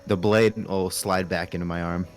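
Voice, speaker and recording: A man playing a tabletop game, speaking quietly and hesitantly. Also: sits low, steady tone, normal speed, soft background music. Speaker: player.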